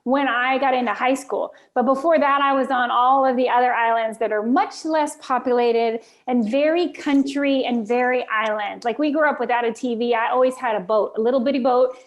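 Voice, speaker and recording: A woman from the Florida Keys hosts a podcast interview in a high voice. She is exclamatory and bursting with enthusiasm. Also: normal speed, few pauses. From United States (Florida Keys). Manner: exuberant and exclamatory. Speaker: podcast host.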